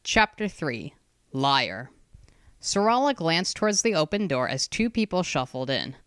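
Smooth, measured audiobook narrator. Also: mid-range voice, very animated, a bit bright, no echo, clean studio sound. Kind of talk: scripted narration.

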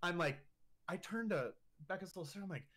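A man's voice: high voice, animated, fast, a bit bright. A man in his twenties, a podcast guest telling a story in casual, profane talk full of filler words and laughing through the funny parts.

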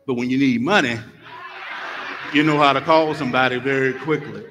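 A middle-aged man, a guest minister, opening his sermon with lively, joking stories for the congregation in a church. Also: medium pitch, brisk, noisy background. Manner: lively storytelling, jokes with the congregation. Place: church sanctuary. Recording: long church hall reverb.

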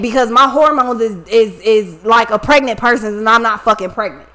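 A woman host telling a personal story to her viewers in a blunt, profane, animated way. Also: on the high side, fairly quick. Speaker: tarot reader and channel host.

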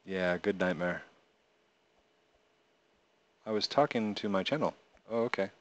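A man hosting a relaxed live stream, reading viewers' messages out loud and answering them with playful humor. His voice sits on the low side, and he talks slowly and unhurriedly. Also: muffled recording. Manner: reads viewer chat aloud and answers playfully, often laughing. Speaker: live streamer and game creator. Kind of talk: casual live stream chat.

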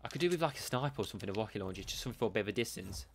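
Man, live game streamer; slightly low voice, chatty and upbeat, mate-and-bro banter over a headset, faint background hiss. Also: animated, very fast. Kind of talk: live game commentary with viewer shout-outs.

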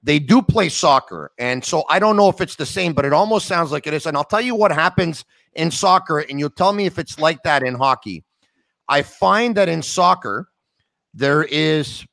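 A man's voice: a little high, creaky, a bit bright, dry recording. A man in his forties hosting a podcast interview, talking through his point in a conversational way. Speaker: podcast host.

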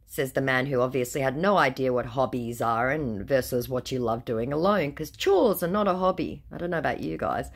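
A woman's voice: rumbling low, a little fast, vocal fry, few pauses. A woman telling the story of her chat with a scammer, with wry, sarcastic asides. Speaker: scam baiter recounting a chat.

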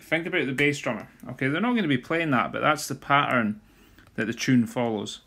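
A man with a gravelly mid-range voice speaks briskly over a little hiss or hum. He teaches drumming theory in a screen-recorded walkthrough, talking as he writes and softly singing drum rudiments.

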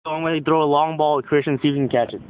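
A young man casually filming and narrating backyard football takes, joking and excited, outdoors by a house. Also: a little high, rapid-fire. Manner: excitable, joking, announces each take. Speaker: quarterback filming backyard football with his cousin. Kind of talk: casual home video commentary. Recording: tinny lo-fi camera audio with faint hiss.

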